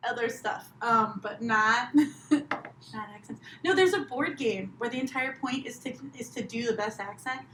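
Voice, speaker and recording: A woman's voice: on the high side, measured pace, fairly bright tone. A woman comedian chatting casually as a podcast guest, laughing often and teasing herself. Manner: chatty, laughing, self-deprecating. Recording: roomy with faint noise.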